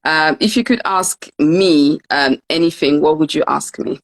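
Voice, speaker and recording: A woman's voice: deep voice, measured pace. A young woman hosting a heartfelt interview, speaking earnestly with frequent stammers and repeated words, and translating her guest's French into English. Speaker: author and host. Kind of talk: emotional interview and live translation.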